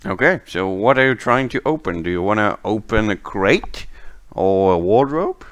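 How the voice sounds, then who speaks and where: A man running a tabletop game as game master, narrating the scene in an unhurried way. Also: on the low side. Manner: unhurried, lively narration with laughs.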